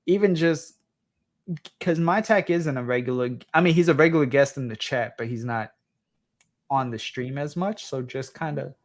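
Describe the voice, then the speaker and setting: A man with a New York accent hosting a livestream, talking casually and rambling with lots of fillers, tired at three in the morning. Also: medium pitch. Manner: rambling, many fillers and restarts. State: tired, late at night. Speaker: livestream host.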